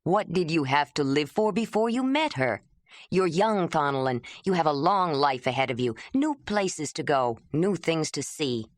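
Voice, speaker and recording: An earnest, protective older brother, as a woman reader puts him on, hurt yet pleading with urgency in a storybook. The delivery is low and expressive, recorded close and dry. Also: moderate pace, dry recording.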